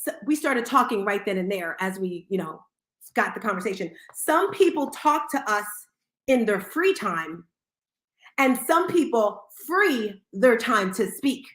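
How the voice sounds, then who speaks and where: A woman hosting a live audio room, talking in an energetic, motivational way with quick asides. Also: medium pitch, roomy sound. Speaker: show host.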